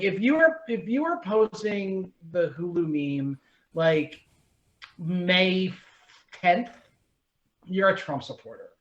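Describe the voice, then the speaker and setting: A man's voice: high-pitched, muffled recording. A man co-hosting a podcast, talking in a sarcastic, profane, casual way. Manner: profane, sarcastic, does mocking voices. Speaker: podcast co-host. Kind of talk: casual chat.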